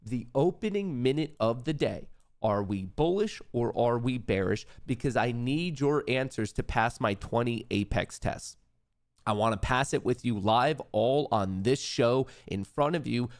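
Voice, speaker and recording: A man with a gravelly edge to his voice runs a live trading stream from a desk mic. He talks casually to his chat and breaks into loud, hyped yelling when his trades pay off. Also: medium pitch, animated, moderate pace. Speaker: livestream trading host.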